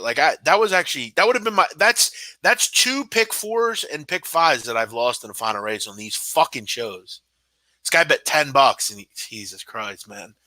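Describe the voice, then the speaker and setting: A young man with a bright, forceful mid-range voice hosts a live sports betting show in a dry recording. In this casual live-stream rant he is sarcastic and exasperated, swearing heavily throughout.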